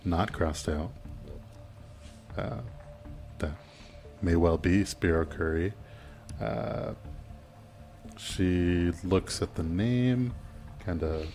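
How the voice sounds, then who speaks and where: Man, game master, very low voice, unhurried, halting, faint music behind. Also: vocal fry. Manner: relaxed, halting with fillers. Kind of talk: narrating a tabletop game.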